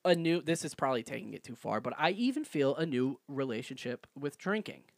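A man's voice: medium pitch, expressive, fairly quick, creaky, dry recording, clean studio sound. A man around thirty co-hosting a podcast, reflective and laid-back in casual chat. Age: 30s. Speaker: podcast co-host.

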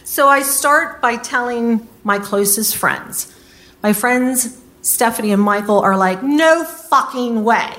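Woman telling a personal story, slow and deliberate, bit of a higher voice, swears a lot, acts out the quotes. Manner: candid, animated retelling with quoted voices; swears casually.

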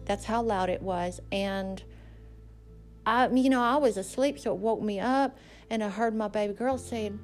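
A woman hosting a faith podcast, telling a story and preaching in an emphatic, conversational way. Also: a little high. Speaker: podcast host.

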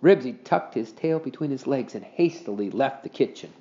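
A man's voice: mid-range voice, expressive, moderate pace, dark tone. A man reading a children's storybook aloud expressively, in a dull lo-fi recording.

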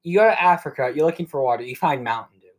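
A young man hosts a podcast, talking very fast in a medium-pitched voice. He casually recaps a movie, rambling and swearing with plenty of fillers.

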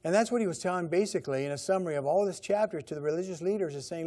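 A man's voice: high voice, very fast, few pauses, a little mellow. Man preaching in a conversational way. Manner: conversational preaching with repeated phrases. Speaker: pastor. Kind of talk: sermon.

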